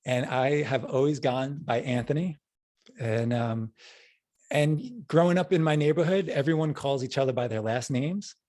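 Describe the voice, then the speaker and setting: A man's voice: medium pitch, normal speed, a little mellow. Middle-aged man with a New York accent, a loose, chatty interview guest who keeps circling back. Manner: rambling storyteller, frequent restarts. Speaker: podcast guest. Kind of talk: casual interview.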